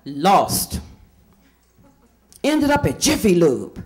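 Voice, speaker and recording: Lively high-voiced woman comic. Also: moderate pace, a little hiss or hum. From Indiana, USA. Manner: chatty, quizzes the crowd with questions. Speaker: stand-up comedian. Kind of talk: stand-up comedy set.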